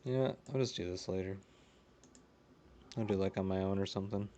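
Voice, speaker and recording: A man's voice: low-pitched, a little fast, mellow, a little hiss or hum. A man streaming a video game live, chatting casually, reading chat aloud and often laughing.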